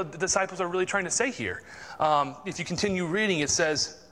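A man delivers a sermon in a relaxed, conversational tone, his voice a bit higher than most and bright and forceful. It reaches the listener through a long hall reverb. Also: brisk. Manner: conversational, informal preaching. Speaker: preacher. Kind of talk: sermon with Bible reading.

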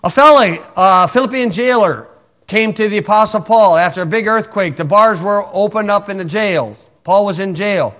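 A man's voice: sits high, moderate pace, fairly bright tone. A man preaching a sermon in a folksy, wry way, reciting old-style scripture and poking fun at opponents.

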